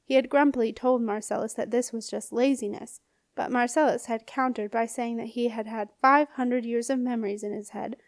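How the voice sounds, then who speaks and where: Expressive woman reading a storybook. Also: on the high side, moderate pace, no echo, clean studio sound. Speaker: audiobook reader. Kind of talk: scripted narration.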